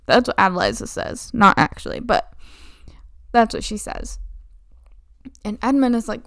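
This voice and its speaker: A woman's voice: a little high, animated, moderate pace, creaky, pauses often, a bit bright, no room sound, studio quality. A young woman recapping a play's plot in a flippant, sarcastic, casual way. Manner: flippant, sarcastic, slipping into mock voices. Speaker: video essayist.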